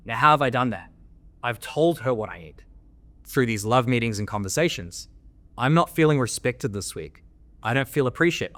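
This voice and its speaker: A man's voice: medium pitch, a bit bright. A man from Australia, a podcast guest and men's coach telling candid stories in a blunt, coaching tone and swearing freely. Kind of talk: candid interview storytelling.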